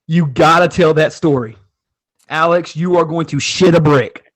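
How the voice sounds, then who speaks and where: A man's voice: on the high side, measured pace. Eager man cutting in. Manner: eager, interjecting, profane. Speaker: friend joining the interview. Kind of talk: casual chat.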